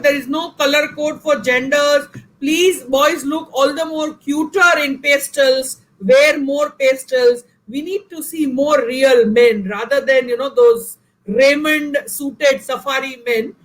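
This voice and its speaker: Indian lady professor, high voice, earnest and emphatic, talking right to the audience. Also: slow, low-quality recording. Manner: emphatic, earnest, addresses listeners directly. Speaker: guest speaker, professor. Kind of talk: online talk session answering questions.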